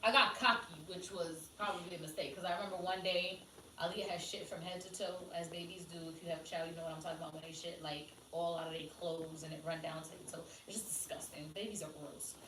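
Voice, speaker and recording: A woman co-hosting a podcast, telling animated stories in casual chat and swearing freely. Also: fairly low pitch, quick pace, a little hiss or hum. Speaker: podcast co-host. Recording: echoey room, mic at a distance.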